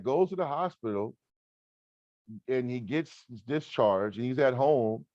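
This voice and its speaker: A man in his forties co-hosting a podcast, telling stories in an animated, emphatic way. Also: mid-range voice, measured pace, pauses often, dry recording, dull audio. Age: 40s. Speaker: podcast co-host. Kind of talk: casual podcast chat.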